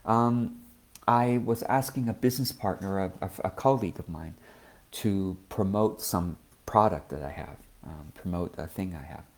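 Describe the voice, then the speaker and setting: A man giving a gentle, thoughtful talk as a spiritual teacher, often checking in with the listener. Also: sits low, normal speed. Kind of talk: reflective personal talk.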